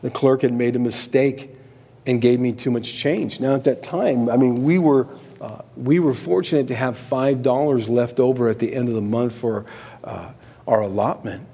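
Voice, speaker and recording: A middle-aged male pastor with a mellow, warm tone delivers a sermon, moving between scripture reading and easygoing asides. He acts out quoted voices with sudden leaps in pitch. His voice rings with the long reverb of a large church hall. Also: moderate pace, slightly rough.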